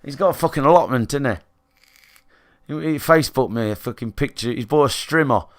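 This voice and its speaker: A man's voice: medium pitch, moderate pace. A man, chatting bluntly and rambling to his live stream viewers from his own room. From England. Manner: blunt and sweary, rambling with restarts and fillers. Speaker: game streamer.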